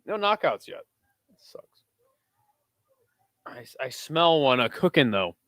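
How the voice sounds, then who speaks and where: A man hosting a live watch-along of a kickboxing event. He talks casually and swears a lot, breaking into excited shouts at big moments. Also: mid-range voice, slow pace, dry recording, clean studio sound. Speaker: host.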